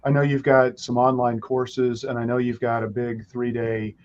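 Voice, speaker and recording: A man's voice: mid-range voice, level tone, moderate pace, a little mellow. Upbeat male host, dull lo-fi sound, easy casual delivery. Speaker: podcast host. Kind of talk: casual interview talk.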